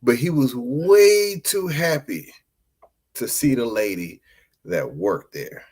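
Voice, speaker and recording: A man's voice: mid-range voice, takes it slowly, breathy edge. A man hosting a podcast, telling a story in casual chat and laughing often as he talks. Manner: laughs often while talking, animated and joking. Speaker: podcast host.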